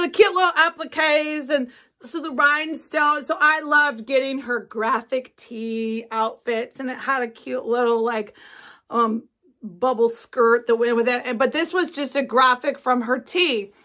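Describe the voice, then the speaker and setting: Speaking unhurriedly in a high, bright, forceful voice, a woman in her forties runs a home craft video. Her talk is casual show-and-tell about her sewing projects, enthusiastic and sprinkled with ums and side remarks.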